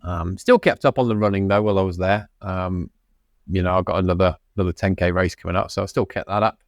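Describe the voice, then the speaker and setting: A man's voice: deep voice, fairly even intonation, quick pace, dry recording, clean studio sound. A man co-hosting a podcast in casual chat, talking loosely with frequent ums, restarts and laughter. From United Kingdom. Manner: chatty, laughing often, many restarts and ums. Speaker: podcast co-host.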